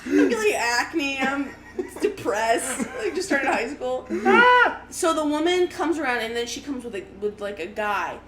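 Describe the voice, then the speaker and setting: A woman's voice: high voice, big pitch swings, measured pace, a crowd in the background. A young woman comedian telling a story casually, rambling and laughing with lots of fillers and swearing. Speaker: comedian guest. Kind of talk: casual storytelling on a live show. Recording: echoey room with noise.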